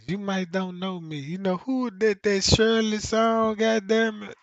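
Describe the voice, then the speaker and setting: A man's voice: steady tone, unhurried, hardly any pauses, no echo, highs cut off. A man hosting a livestream, telling crude comic stories in a rambling way, swearing constantly and laughing as he goes. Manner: profane, laughs often, keeps asking "you know what I'm saying"; acts out quoted voices in exaggerated pitch. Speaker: comedic livestream host.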